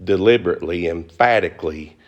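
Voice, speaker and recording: Middle-aged preacher guy, fast folksy talk, low voice that shoots up high when he gets going. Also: muffled recording. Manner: fervent preaching, climbing into high emphatic bursts; fast-talking, folksy with y'all and ain't. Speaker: pastor. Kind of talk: sermon. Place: church before a congregation.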